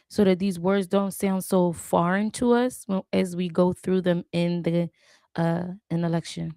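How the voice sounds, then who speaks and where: A woman's voice: on the low side, a little mellow, no room sound, clean studio sound. A woman hosting a live stream where she studies a language aloud, chatting casually, repeating words and correcting herself as she goes. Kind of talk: casual live study session.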